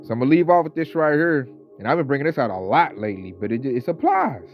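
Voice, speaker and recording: Man, casual ranting monologue, mocking tone, lively up-and-down delivery, dull lo-fi sound. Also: medium pitch, quick pace. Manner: animated, mocking, mimics coworkers. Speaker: online commentator. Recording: slightly dull audio, faint background music.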